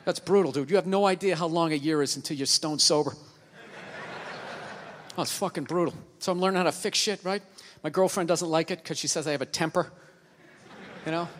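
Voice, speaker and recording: A man in his forties doing a profane, ranting stand-up comedy routine on stage, with loud outbursts. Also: high-pitched. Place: stage in a large venue. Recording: live show in a big hall.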